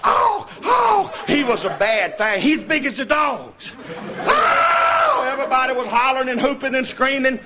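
A man telling a folk tall tale, animated, often laughing and breaking into hollers. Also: very high-pitched, a little fast, few pauses. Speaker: storyteller. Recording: noisy recording with clicks.

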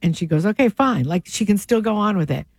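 A woman's voice: lowish voice, a little mellow, no room sound. A woman radio host, telling stories in casual on-air chat. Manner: chatty storyteller, quick asides. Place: radio studio.

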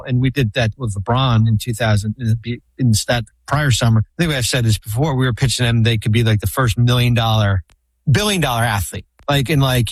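A man of middle pitch spins long, meandering stories in casual chat, circling back and restarting as he goes. The sound is close and dry, with no room around it. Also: no room sound. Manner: rambling anecdotes full of restarts and fillers. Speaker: podcast guest, former basketball team executive.

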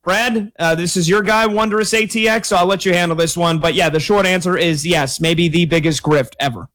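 A man's voice: sits high, steady tone, a little fast, a bit bright. A man hosting a sports betting radio show, joking with co-hosts and reading calls and texts.

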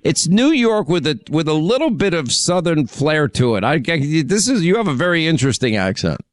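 A man's voice: a little high, sing-song, fairly quick, no echo. A middle-aged man hosting a call-in radio show, chatting with callers, reminiscing and teasing them about their accents. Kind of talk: casual call-in chat.

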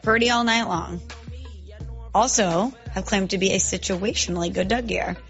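A woman's voice: medium pitch, normal speed, fairly bright tone, lo-fi sound, soft background music. A woman co-hosting a sports talk show, teasing her partner in casual banter. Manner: teasing, playful. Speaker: sports radio co-host.

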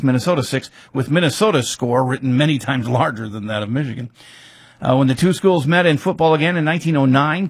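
A man's voice: mid-range voice, husky, no echo, clean studio sound. A man recapping a football rivalry's history in casual talk, reading facts with offhand asides and fillers.

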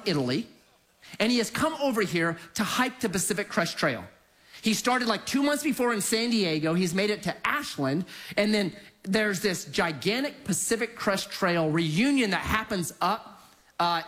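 A middle-aged man tells a humorous personal story in the manner of a preacher. His voice climbs and dips with lively swings as he acts out his own reactions. He often chuckles as he talks. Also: high-pitched. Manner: chuckles through lines.

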